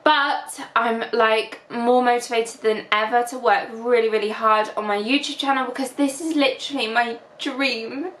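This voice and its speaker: A woman in her twenties from England, with a Northern English accent, chats casually to camera in a reflective vlog, using many fillers and at times nearly in tears. Her voice is a little high and fairly bright, steady in tone, at a moderate pace with few pauses, and the recording is reverberant.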